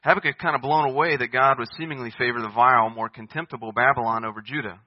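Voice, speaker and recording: A man's voice: mid-range voice, fairly even intonation, fast, no echo. An earnest male pastor delivering a sermon, his voice pleading and rising to emphatic peaks. The sound is dull and muffled, like a radio broadcast, with a close, dry feel.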